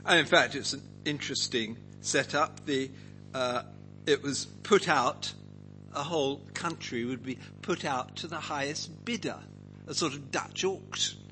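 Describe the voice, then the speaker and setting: A man's voice: a little high, unhurried, pushed and bright, a little hiss or hum, rough recording. A man teaching a Bible passage to a group, asking them questions and acting out quotes. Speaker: preacher leading a Bible study.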